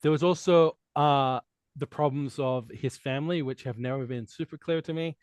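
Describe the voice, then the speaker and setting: A man from Australia with an accent that blends Australian and American Midwest sounds, talking casually as a guest and telling animated stories with frequent restarts. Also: mid-range voice, normal speed, smooth, dry recording, clean studio sound. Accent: Australian mixed with American Midwest. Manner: animated storytelling with repeated restarts. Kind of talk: casual conversation.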